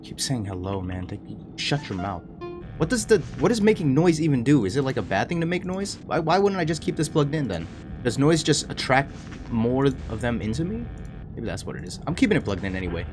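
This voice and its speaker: A young man streaming a horror game, chattering to viewers in an excitable, panicky way. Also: mid-range voice. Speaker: gaming streamer. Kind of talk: horror game let's play commentary.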